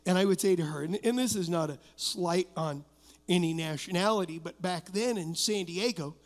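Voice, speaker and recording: High-voiced emphatic male pastor, reverberant hall. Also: normal speed. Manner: emphatic, declaring preacher with personal stories. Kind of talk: sermon. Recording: long reverb of a church hall.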